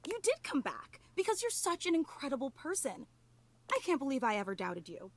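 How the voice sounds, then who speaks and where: A woman's voice: high voice, wildly swooping pitch, brisk. A woman voicing a clingy, emotional obsessive female superfan in a video game, gushing and tearful, apologizing over and over.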